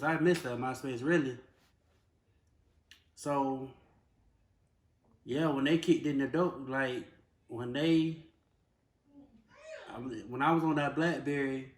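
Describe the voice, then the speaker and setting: A young man, telling a personal story in a plain, casual, drawn-out way. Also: medium pitch, reverberant. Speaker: vlogger.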